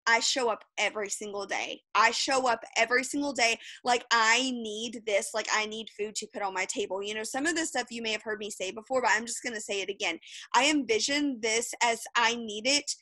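A woman's voice: fairly high pitch, brisk, pushed and bright, dry recording. A woman, giving a fired-up, candid motivational talk as a guest on a video call, swearing freely. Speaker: guest speaker.

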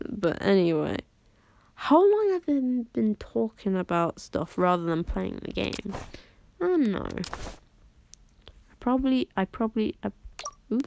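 A young woman streaming a game, chatting in a rambling, excitable way and giggling often. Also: fairly low pitch, vocal fry, dry recording. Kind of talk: casual live-stream chat.

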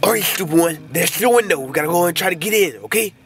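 Guy doing a bright eager bird henchman, far off, faint music. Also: high-pitched, expressive, fast. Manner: eager, bossing his partner. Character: loyal male bird henchman. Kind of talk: comedy puppet skit.

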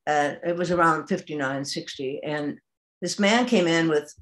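Lively older woman telling stories. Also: sits low, normal speed. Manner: lively, animated, laughs as she tells it. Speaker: actress guest. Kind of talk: anecdotal storytelling.

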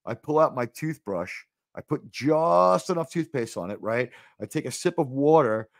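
A man hosting a casual live podcast, talking in an animated, exasperated way with frequent swearing. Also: moderate pace, creaky, no room sound. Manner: animated, swears often, jumps to high exasperated pitch. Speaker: host.

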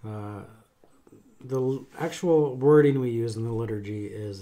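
A middle-aged man who works as a chaplain, talking in a thoughtful, halting way with many pauses and fillers. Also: medium pitch, dark tone. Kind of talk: casual conversation.

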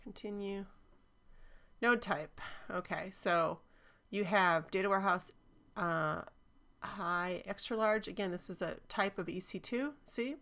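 A woman's voice: mid-range voice, a little slow, pushed and bright. A woman teaching cloud databases in a chatty, enthusiastic screen-recorded walkthrough, with frequent ums.

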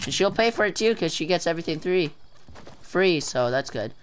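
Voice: medium pitch, lively intonation, fairly quick. A gameplay video creator giving casual, rambling commentary and often trailing off unsure. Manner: rambling, unsure self-talk. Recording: loud background game noise.

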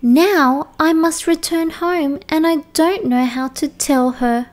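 A woman voicing a young female okapi, soft and upset, in a children's storybook reading. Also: high-pitched, slow, pitched above the performer's own voice.

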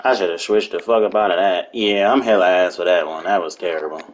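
A young man giving casual, excitable commentary while playing a video game, trash-talking, laughing and yelping often. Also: sits low, fairly quick. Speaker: gameplay streamer.

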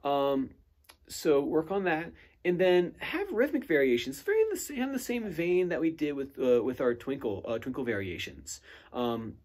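A man giving a guitar student recorded feedback in a relaxed way, with many fillers, counting picking strokes aloud and humming rhythms. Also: on the high side, moderate pace. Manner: hums and scats rhythms while demonstrating. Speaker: guitar teacher. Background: guitar playing between phrases.

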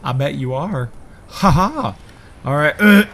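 A man doing excitable let's play commentary, rambling and swearing often. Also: on the high side, slow pace. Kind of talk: gameplay commentary.

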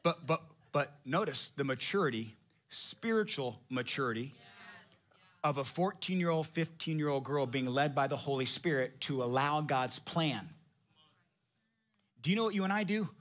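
A man preaching as pastor, energetic and conversational, joking with slang. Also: a little high, normal speed. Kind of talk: sermon.

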